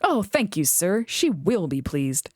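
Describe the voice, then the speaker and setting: A woman's voice: on the low side, sing-song, unhurried, dry recording, studio quality. A woman voicing a small, cheeky male tram engine who teases with an innocent air. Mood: eager. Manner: innocent, sweetly teasing.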